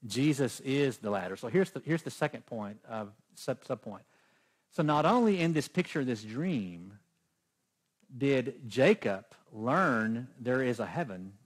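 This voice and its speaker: A man's voice: mid-range voice, animated, measured pace, husky. A man preaching a sermon as pastor, emphatic and putting questions to the congregation.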